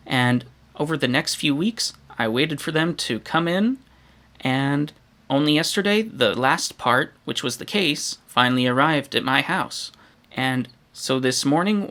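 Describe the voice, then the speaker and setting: A man narrating his vlog in a steady, explanatory way. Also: fairly high pitch. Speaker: vlogger.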